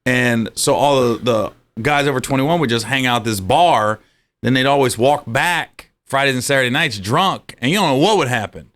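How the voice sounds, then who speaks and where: A man's voice: mid-range voice, moderate pace, fairly bright tone. A man, a comedian guest, telling comic stories in conversation and laughing through them.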